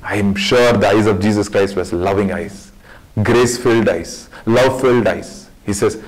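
A man teaching a Bible study as a sermon, fervent and repetitive, swinging between loud urging and hushed tones. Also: fairly low pitch, moderate pace, rough recording.

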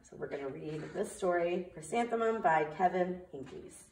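A preschool teacher talking slowly and clearly to small children, in a sing-song manner, during a remote circle time lesson and story read-aloud. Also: female voice, lowish voice, lively intonation, a little mellow, roomy sound, distant mic, slight background noise.

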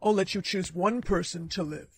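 A man playing a ruthless, controlling father in a short skit, with a cold, lecturing manner and a raspy voice. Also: high-pitched, normal speed, fairly bright tone. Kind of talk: short-video skit acting.

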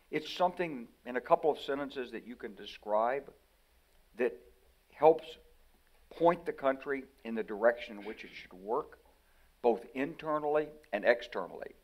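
A man's voice: medium pitch, moderate pace. Older American man telling stories animatedly. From United States. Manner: animated storyteller who acts out quoted voices. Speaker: interview guest, retired general. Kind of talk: conversational interview.

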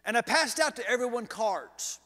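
Guy preaching, bright sharp voice, swoops all over, funny storyteller. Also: extremely high pitch, normal speed, long reverb tail. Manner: animated, humorous storytelling. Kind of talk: storytelling sermon. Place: church sanctuary.

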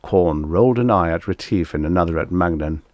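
Deep-voiced man reading vintage sci-fi. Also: brisk, no echo, lo-fi sound. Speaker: audiobook narrator. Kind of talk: scripted narration of vintage science fiction.

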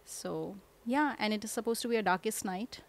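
A woman from India, friendly and quick to laugh as a guest. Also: mid-range voice, vocal fry. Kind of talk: casual interview.

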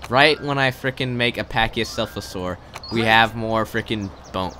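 A young man giving live gameplay commentary. He is excitable and swears a lot, swinging between loud outbursts and muttered asides. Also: lowish voice, normal speed, background noise.

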